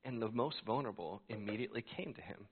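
A man's voice: fairly low pitch, fast talker, slightly rough. A man preaching a sermon as a pastor, telling a story and acting out his own reactions. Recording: tinny phone-like sound.

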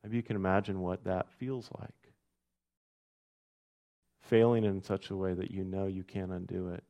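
A man preaching a sermon, reading scripture aloud with rising emphasis and then dropping soft and low. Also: little pitch movement, normal speed. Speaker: pastor.

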